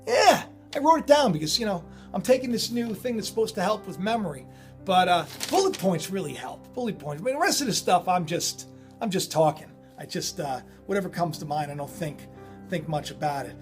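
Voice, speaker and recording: High-voiced rambling male vlogger. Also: brisk, faint music behind. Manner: excitable, digressive, self-interrupting. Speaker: channel host. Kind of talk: rambling spiritual commentary.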